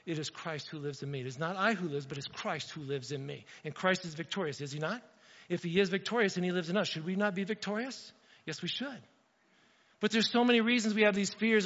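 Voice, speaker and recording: A man's voice: high voice, fairly bright tone, in a large hall, lo-fi sound. A man preaching a sermon as pastor, in a conversational way that often turns straight to the congregation. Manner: conversational, addresses the congregation directly.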